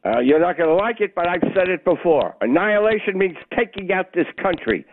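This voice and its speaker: A blunt, insistent man calling in to a radio talk show, his pitch swinging widely as he presses his point. The tinny phone line carries a faint hiss. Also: sing-song, fairly quick. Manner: blunt, insistent, interrupts the host. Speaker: caller. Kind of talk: call-in radio caller.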